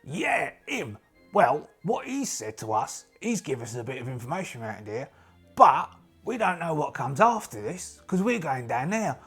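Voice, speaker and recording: A man's voice: a little high, big pitch swings, normal speed, fairly bright tone, slightly rough, soft background music, heavily acted. A man voicing a cheeky male duck adventurer in a solo tabletop role-play, with a matey, wheedling sales patter. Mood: chummy.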